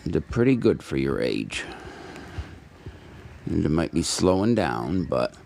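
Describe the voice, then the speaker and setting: A man with a very deep, gravelly voice chats casually on a live stream, answering viewers. He turns now and then to talk fondly to his cat. A faint hiss of noise sits behind him. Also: big pitch swings, takes it slowly, darkish tone. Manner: talks fondly to his cat between chat. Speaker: livestreamer.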